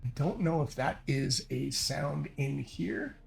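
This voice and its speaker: A man running a solo tabletop game, narrating and thinking aloud in a halting, hesitant way. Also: a little high, creaky. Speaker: solo game master and player.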